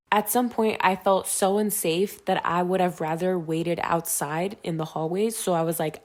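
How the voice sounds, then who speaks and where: A woman's voice: lowish voice, a little slow, hardly any pauses. A young woman vlogger telling a story in a casual storytime video, full of "like" fillers and acted-out quotes. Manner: chatty, frequent "like" fillers; acts out quotes with sudden shifts in loudness. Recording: roomy echo.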